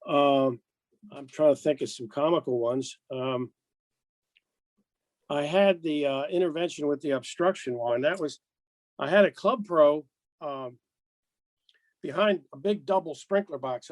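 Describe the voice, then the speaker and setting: Older American man, raised voice, dry close recording; lively guest spinning anecdotes, acts out both sides. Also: fairly high pitch, dry recording, poor audio. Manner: animated storyteller, acts out dialogue, chuckles. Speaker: podcast guest, golf rules official. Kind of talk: casual anecdote telling.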